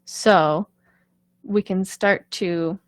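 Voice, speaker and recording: A woman's voice: mid-range voice, steady tone, extremely slow, no room sound. A woman vocal coach talking casually on a live stream, chatty and reassuring, often checking in with "right?".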